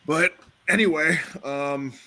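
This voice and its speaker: A man's voice: on the high side, takes it slowly, sharp tone. A young man on a casual online panel, talking with lots of restarts and swearing. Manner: hesitant, swearing, frequent restarts. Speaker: panel guest.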